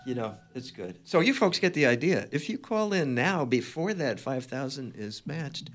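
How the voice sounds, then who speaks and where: A man hosting a lively radio game show from a small studio, bantering and joking with the players. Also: medium pitch, moderate pace, over loud music. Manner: jokey, animated quizmaster. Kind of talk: playful live radio banter.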